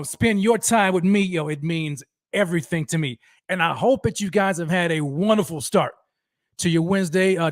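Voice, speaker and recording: Hyped high-voiced male livestream host. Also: dry recording, studio quality. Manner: hyped, energetic shout-outs to viewers. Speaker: host of a sports fan livestream. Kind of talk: livestream roll call chat.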